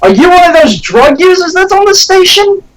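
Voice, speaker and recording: A man's voice: very high-pitched, big pitch swings, fairly quick, far from the mic, pitched above the performer's own voice. A man with an American accent playing a dismissive male boss who brushes people off. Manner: dismissive, blustering. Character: gruff male boss impersonated by a player.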